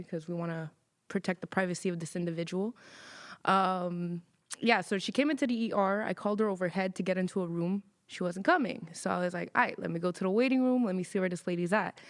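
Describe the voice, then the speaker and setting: Animated woman telling workplace stories. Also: on the low side, a little fast. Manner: animated storyteller, swears freely, acts out quoted people. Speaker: podcast co-host. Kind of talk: casual chat.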